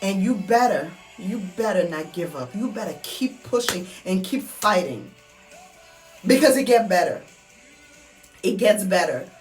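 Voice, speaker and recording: Earnest woman with soft music behind. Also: mid-range voice, lively intonation, measured pace. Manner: earnest, repetitive, heartfelt. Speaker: vlogger. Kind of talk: personal motivational monologue. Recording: soft music underneath, mic at a distance.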